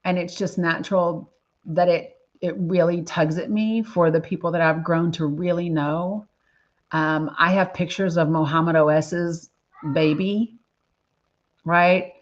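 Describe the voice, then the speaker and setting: A woman's voice: fairly low pitch, steady tone, unhurried. A woman hosting a casual livestream, talking earnestly and emotionally while reading viewer names from the chat. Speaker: livestream host. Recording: slightly dull lo-fi audio.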